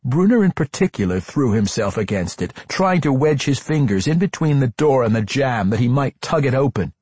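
A man narrating a fantasy audiobook in an expressive, dramatic reading with character voices. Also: mid-range voice, moderate pace, breathy edge, no echo.

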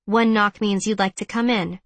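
A woman voicing a calm, teasing young man in an audiobook. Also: medium pitch, normal speed, no room sound, lightly acted. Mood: wry.

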